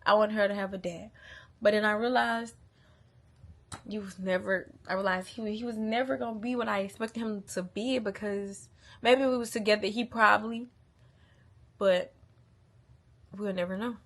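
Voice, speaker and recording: Young mom vlogger venting on camera, blunt, heartfelt, salty language, mid-range voice. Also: female voice, mid-range voice, fairly even intonation, moderate pace, long pauses, a bit bright. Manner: blunt, heartfelt, swears freely, repeats herself for emphasis. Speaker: mother venting on a channel. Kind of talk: candid casual venting monologue.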